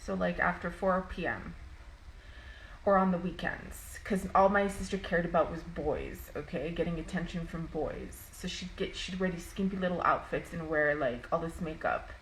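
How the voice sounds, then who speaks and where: A woman's voice: lowish voice, normal speed, slight background noise, low-quality recording. A young adult woman vlogging to camera, telling a personal story in a rambling, emotional way with some swearing.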